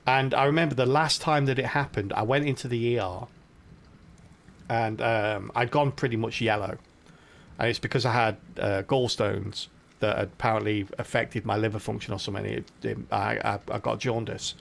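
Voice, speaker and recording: A man's voice: lowish voice, fairly even intonation, normal speed, gravelly. A young British man casually commentating his game on a live stream, chatty and laughing often as he talks to his viewers.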